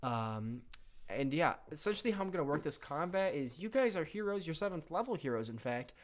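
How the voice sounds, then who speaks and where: A man's voice: on the high side, sing-song, fairly quick. Rambling man running a comedic tabletop game. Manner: loose, rambling, many fillers. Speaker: game master. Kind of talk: improvised comedic tabletop narration.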